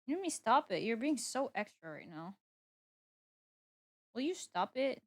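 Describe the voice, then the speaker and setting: A woman's voice: fairly high pitch, big pitch swings, a little slow. A young woman streaming live, chatting casually as she works and playfully scolding her cat. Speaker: VTuber streamer. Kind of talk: casual livestream chat.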